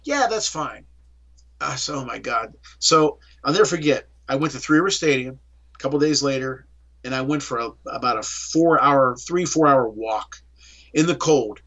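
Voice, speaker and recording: A man's voice: medium pitch, moderate pace, muffled recording. A middle-aged man from the Pittsburgh area, telling his story in an interview and acting out the dialogue. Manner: animated, acts out dialogue in storytelling. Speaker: interview guest.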